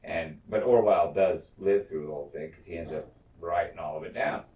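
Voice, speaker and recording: A man co-hosts a casual podcast, recapping a show with plenty of swearing and little acted-out bits of dialogue. His voice sits low. It comes through a roomy, echoing space from a mic set some way off. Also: fairly quick, dark tone. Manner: swears freely, acts out characters' lines. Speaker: podcast co-host. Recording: roomy echo, distant mic.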